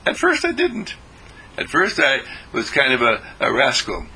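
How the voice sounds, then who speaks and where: A man telling a spiritual story in a rambling way, pausing and repeating words. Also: mid-range voice, wildly swooping pitch, sharp tone, a little hiss or hum, rough recording.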